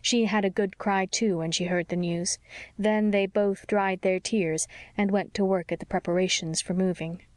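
A woman narrates a classic novel in a measured, gentle voice. Her pitch sits in the middle range. The recording is dry and close. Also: steady tone, no room sound. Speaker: audiobook narrator. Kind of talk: scripted narration.

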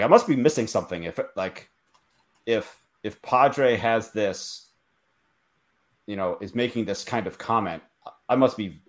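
A man hosting a podcast in casual chat, hesitant and thinking aloud, peppered with "like". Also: fairly low pitch. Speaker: podcast host.

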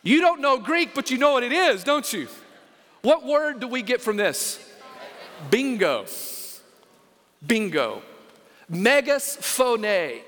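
High, bright-voiced pastor preaching. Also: male voice, sing-song, measured pace, long pauses, a little hiss or hum. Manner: emphatic preaching, asks the congregation questions. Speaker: senior pastor. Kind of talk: sermon. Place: church sanctuary. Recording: long reverb of a large church.

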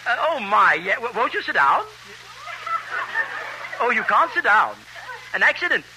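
A man doing 1930s radio comedy banter, chatty and giggly with quick asides. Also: very high-pitched, very animated, background noise.

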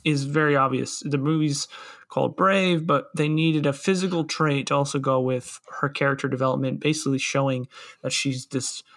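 A man's voice: mid-range voice, fairly even intonation, normal speed, fairly bright tone. A man co-hosting a casual movie podcast, explaining his points thoughtfully. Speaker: podcast co-host.

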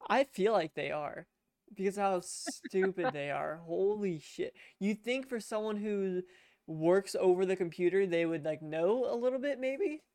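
Chatting casually as a podcast co-host, a young man at his home computer tells a long, meandering story, cursing and restarting along the way. He speaks at a measured pace in a high, slightly mellow voice with lively intonation, and the headset recording is studio quality with no room sound.

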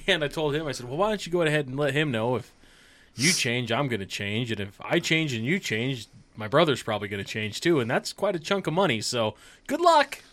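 A man's voice: mid-range voice, expressive, fairly quick, a bit bright. A man co-hosting a podcast, telling a story in a laid-back, dry way in casual banter. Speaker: podcast co-host.

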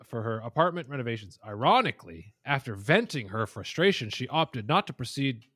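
A man's voice: medium pitch, big pitch swings, a little fast, a bit bright, slightly rough. A man hosting a gaming podcast, reading a story aloud and breaking off for casual asides. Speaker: podcast host.

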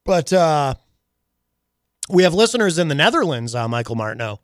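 A man's voice: on the high side, big pitch swings, normal speed, no room sound, clean studio sound. A man hosting a radio show in casual chat, teasing his co-host in a playful, mock-dramatic way. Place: radio studio.

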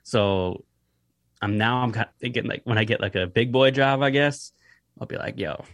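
A man's voice: mid-range voice, normal speed, fairly bright tone, no room sound. A young man, a guest on a podcast, chatting in a loose, rambling way with lots of fillers and the odd curse word. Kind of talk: casual podcast conversation.

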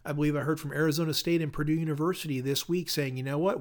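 A middle-aged man talks alone on his podcast, coaching listeners on serving customers. His voice sits a little high, and he keeps an upbeat tone, pressing the audience with question after question. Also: quick pace, hardly any pauses. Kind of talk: solo podcast monologue.

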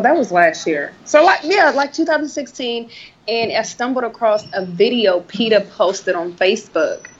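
A woman's voice: medium pitch, dull audio. A woman guest telling her story earnestly in a casual interview, acting out what she said to others. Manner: earnest storytelling, animated quotes. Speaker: podcast guest.

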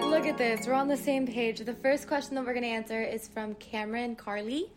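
A woman's voice: on the high side, fairly even intonation, brisk, few pauses, music in the background. A young woman hosting her own podcast, chatting casually and answering listener questions with enthusiasm. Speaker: podcast host. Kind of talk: casual solo podcast monologue.

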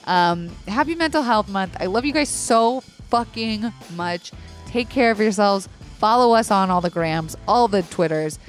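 A young adult woman hosting a podcast solo, chatting casually in an excitable, profane way. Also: medium pitch, a little slow, soft background music. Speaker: podcast host.

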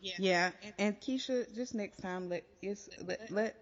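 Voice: mid-range voice, a little slow. Sarcastic podcast co-host, lo-fi reverb. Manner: sarcastic, playful teasing. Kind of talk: casual chat. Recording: dull lo-fi sound with long reverb.

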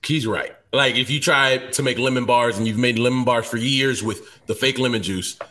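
A man co-hosting a casual podcast, relaxed and thinking aloud with restarts. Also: mid-range voice, moderate pace. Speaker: podcast co-host.

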